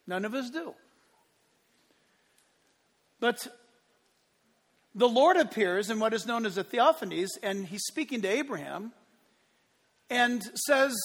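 A man preaching a sermon, telling the story with lively acted-out voices and building to impassioned peaks. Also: extremely high pitch, big-room sound. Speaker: pastor.

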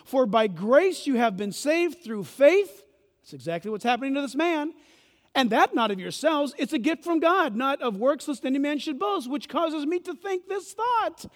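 A man preaching a sermon as pastor, swinging from loud bursts to hushed asides in a church. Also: very high-pitched, animated, moderate pace. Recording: reverberant church hall.

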